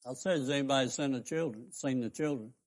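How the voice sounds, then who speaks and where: A man's voice: mid-range voice, quick pace. An older man, preaching a fervent sermon as a radio pastor and host, stressing his points with rising questions.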